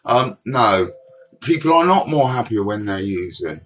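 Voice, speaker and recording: A man's voice: fairly low pitch, sing-song, a little slow, fairly bright tone, soft background music, rough recording. A man in his forties from Bristol with a West Country accent, hosting a recovery livestream and answering viewers' comments by name in a direct, chatty way while walking around outdoors. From Bristol, England. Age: 40s. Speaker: recovery mentor livestream host. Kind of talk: casual livestream chat, reading comments. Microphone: phone livestream.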